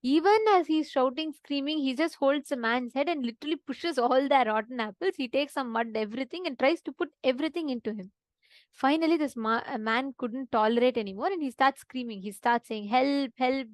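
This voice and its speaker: A woman's voice: high-pitched, no echo. A woman presenting an online spiritual session, telling a devotional story with checks like "right?" and "understand?". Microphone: online session with chat.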